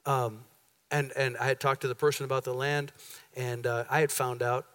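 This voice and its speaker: A man's voice: mid-range voice, moderate pace. A pastor in a church sanctuary, telling a long story to his congregation in a conversational way, acting out the dialogue as he goes. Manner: conversational, animated retelling with quoted dialogue. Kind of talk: sermon storytelling.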